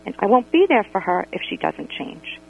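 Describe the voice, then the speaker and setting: A woman calling in to a radio show by phone, telling a story in an animated, exasperated way. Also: mid-range voice, normal speed, creaky, slight background noise. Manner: animated, exasperated retelling with quoted dialogue. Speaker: radio caller. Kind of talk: call-in storytelling about a friend. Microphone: telephone. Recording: tinny phone line on radio.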